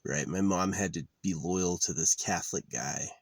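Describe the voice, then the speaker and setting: A young man with a very low, deep voice rambles through a personal monologue, halting and restarting, blunt and bitter, close to tears. The sound is dry and close, with no room around it. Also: no echo. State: tearful.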